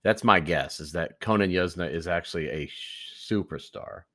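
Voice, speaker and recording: A man's voice: deep voice, moderate pace, pushed and bright. A man co-hosting a podcast, chatting casually about a film and tossing in wisecracks and asides. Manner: wisecracking, throws in jokes and asides. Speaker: podcast co-host. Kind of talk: casual movie-review chat.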